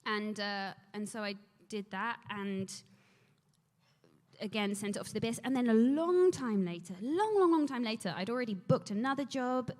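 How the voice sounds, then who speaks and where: Animated woman telling stories in a hall. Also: fairly high pitch, moderate pace. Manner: animated, rambling, laughs often. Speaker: actress on a convention panel. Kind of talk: anecdotal panel storytelling. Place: large convention hall. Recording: echoey convention hall.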